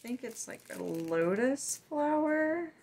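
A woman's voice: high-pitched, sing-song, a little hiss or hum, low-quality recording. A woman vlogger chatting casually and gushingly as she unboxes gifts. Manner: warm, gushing, unhurried.

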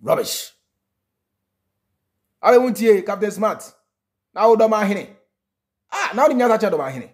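Ghanaian male reaction host, high register, emphatic and repetitive delivery. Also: lively intonation, normal speed, long pauses. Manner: emphatic, mixing in snatches of singing and laughter, repeating lines for effect. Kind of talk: animated reaction commentary.

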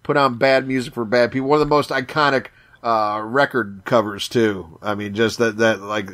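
A man's voice: mid-range voice, steady tone, moderate pace, fairly bright tone. A man co-hosting a podcast in casual chat, with a Chicago accent, cursing a lot, gushing and often repeating words. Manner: profane, enthusiastic, repeats words. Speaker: podcast co-host.

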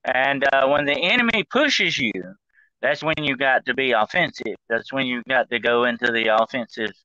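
A man's voice: medium pitch, moderate pace, bright, forceful tone, no echo, lo-fi sound. A man talking as a guest on a call-in style show, rambling, with many fillers and restarts. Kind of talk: casual talk-show discussion.

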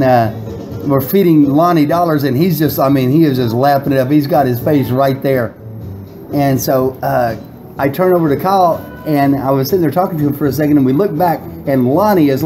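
Middle-aged guest, rambling and laughing, mellow tone. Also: male voice, fairly high pitch, rough recording. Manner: rambling, laughing storyteller with restarts. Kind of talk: casual storytelling.

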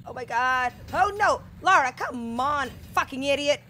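Bright-voiced woman streaming a game, slow talker, swears and yells at it a lot. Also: high-pitched, a little hiss or hum. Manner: exasperated, swearing, loud outbursts at the game. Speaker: gameplay streamer. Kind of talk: gameplay commentary.

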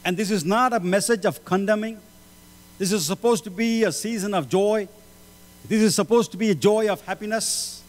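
A man preaching a sermon, swinging between loud pleading passages and low, solemn lines. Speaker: pastor. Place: church hall. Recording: hall reverb with mains hum.

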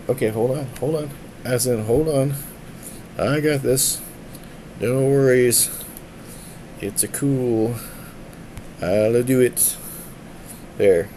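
A man's voice: mid-range voice, darkish tone, slight background noise, rough recording. A man streaming from a tablet, a musician who rambles casually, jokes around and keeps slipping into silly voices. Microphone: tablet mic.

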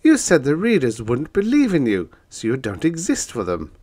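A man's voice: very animated, moderate pace. Man doing a jittery, stammering writer. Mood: nervous. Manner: anxious, stammering, raised pitch. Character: nervous jittery male science-fiction writer. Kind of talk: audiobook character voice.

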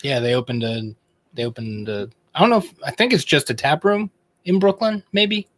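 A man's voice: mid-range voice, lively intonation, normal speed, fairly bright tone. A man co-hosting a beer tasting livestream, laid-back, giving short replies and laughing easily. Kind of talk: casual livestream chat.

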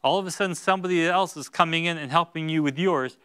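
A male pastor preaching a sermon in a church, going from hushed, slow lines to loud, high-pitched bursts. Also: clear, resonant tone. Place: church sanctuary.

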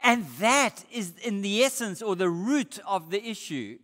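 The speaker is a male Australian pastor whose high, fairly bright voice has lively intonation, a slightly slow pace, and hardly any pauses. He preaches a sermon earnestly and emphatically, asking rhetorical questions. Long hall reverb marks the church sanctuary setting.

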